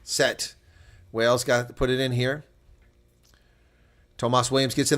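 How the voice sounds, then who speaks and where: A man hosting live reaction commentary on a rugby match, calling the play and shifting from calm analysis to excited shouting on big moments. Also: mid-range voice, a little slow, pauses often.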